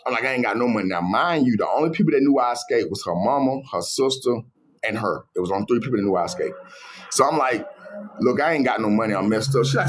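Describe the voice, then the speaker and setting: A man's voice: mid-range voice, fast talker, a little hiss or hum. A man casually retelling a personal story, acting out each side of the conversations. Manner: animated retelling, acts out both sides of arguments.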